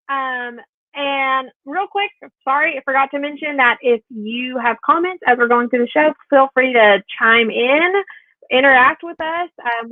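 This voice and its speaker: A woman's voice: high-pitched, no echo. A woman co-hosting a casual chat show, upbeat and chatty, who talks through her slips. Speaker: co-host. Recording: tinny phone-like line.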